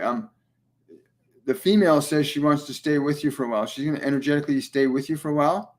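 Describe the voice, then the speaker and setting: A man hosting a live spiritual Q&A as a medium, speaking gently and soothingly, often repeating his phrases and pausing on ums. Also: fairly high pitch. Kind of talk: livestream channeling session.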